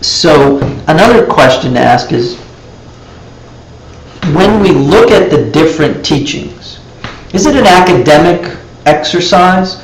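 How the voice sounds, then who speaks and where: A man's voice: on the high side, lively intonation, unhurried, roomy sound, noisy background. A man teaching a live class, telling stories and acting out little dialogues in raised voices.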